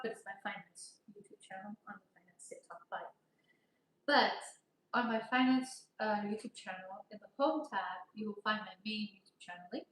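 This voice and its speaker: A woman's voice: fairly high pitch, fairly bright tone, a little hiss or hum. A woman from Armenia hosting a casual livestream, chatty and playful, reading viewer comments and sometimes slipping into a sing-song voice. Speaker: livestream host. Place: outdoors near her home at dusk. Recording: echoey, a little far from the mic.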